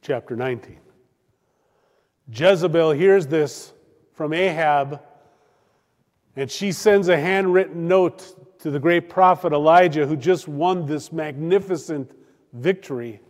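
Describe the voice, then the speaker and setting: A pastor preaching a sermon, swinging between loud declaiming and hushed, drawn-out emphasis. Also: male voice, fairly high pitch, big-room sound.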